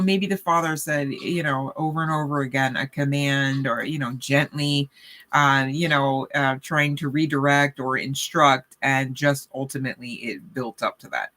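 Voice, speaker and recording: Woman tarot reader, bright forward tone, rambling chatty delivery full of check-ins. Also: deep voice. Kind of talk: casual spiritual reading talk.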